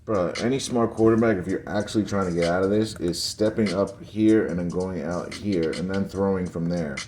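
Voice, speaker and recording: A man's voice: sits low, moderate pace, darkish tone, slight background noise, low-quality recording. A man hosting his own sports video, talking casually over game footage in a dismissive, conspiratorial way, speaking straight to his viewers.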